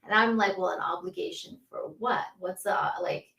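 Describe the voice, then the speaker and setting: A woman hosting a casual livestream, chatty and quick to laugh, who greets viewers by name. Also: on the low side, gravelly, a bit bright, distant mic. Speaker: livestream host. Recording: roomy echo, a bit off-mic.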